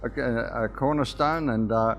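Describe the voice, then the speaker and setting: A man's voice: mid-range voice, measured pace, soft background music. An Australian man, a company founder, explaining a product in a casual way with frequent fillers and restarts. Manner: hesitant, many restarts and fillers.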